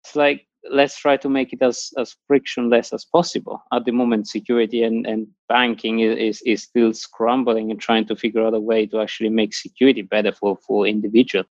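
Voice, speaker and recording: A man's voice: on the low side, level tone, a little fast, hardly any pauses, a little mellow, dry recording. Podcast host guy tossing out questions, dry dull-ish sound. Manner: inquisitive, with frequent rhetorical questions. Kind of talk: casual conversation.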